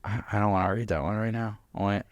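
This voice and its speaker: Man, New York accent, deep pitch, dry close sound, animated casual podcast chat. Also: quick pace, no room sound, highs cut off. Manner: animated, swearing, laughing often. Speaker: podcast co-host, wedding vendor.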